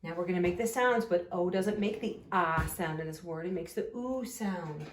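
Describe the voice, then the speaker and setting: A woman teaching an early-grade phonics lesson, sounding out letters slowly and singing short spelling songs. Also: fairly low pitch. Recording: echoey room, voice a bit far off.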